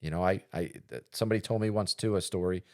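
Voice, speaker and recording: A man with a very low voice talks casually on a podcast, wandering through his thoughts with plenty of fillers and false starts. He tells a story in an easygoing, conversational way. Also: fast, darkish tone. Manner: rambling, storytelling with many fillers and restarts. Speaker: podcast co-host.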